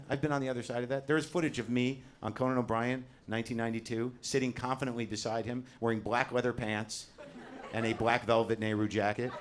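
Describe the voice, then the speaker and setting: Ranting profane middle-aged comedian. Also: male voice, mid-range voice, fairly bright tone. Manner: profane, ranting, self-deprecating. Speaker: stand-up comedian. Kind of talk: stand-up comedy set. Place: comedy club stage with audience.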